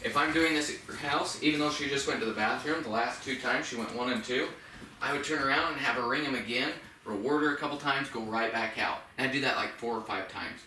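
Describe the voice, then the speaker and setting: A man working as a dog trainer, calmly explaining steps to the owners during a casual demonstration. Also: brisk, reverberant, recorded from a distance, slight background noise. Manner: instructive, talks to the dog in high praise bursts.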